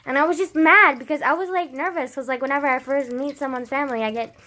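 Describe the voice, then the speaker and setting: A woman's voice: high-pitched, fast, bright, forceful tone. A young woman vlogging casually, rambling with lots of fillers and frequent swearing, self-deprecating.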